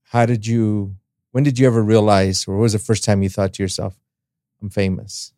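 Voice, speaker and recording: A middle-aged man hosting an interview, asking questions in a friendly way and tossing in quick asides. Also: on the low side, little pitch movement, mellow, dry recording, clean studio sound. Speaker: podcast host. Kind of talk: conversational interview.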